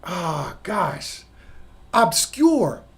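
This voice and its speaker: A man's voice: high voice, wildly swooping pitch, drawn-out words, a bit bright. A man hosting his own channel, delivering an opinion monologue in an emphatic, lecturing way with rhetorical questions. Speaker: channel host.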